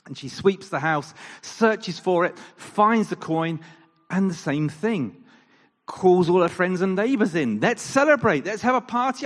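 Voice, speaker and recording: A man preaching a sermon in an animated style, firing off rhetorical questions and acting out quoted lines. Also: medium pitch. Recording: long reverb of a large hall.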